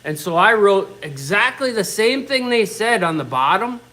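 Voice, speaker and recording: Middle-aged man, high-pitched, blunt profane rant, workshop talk. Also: very animated, normal speed, bright, forceful tone, rough recording. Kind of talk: casual rant.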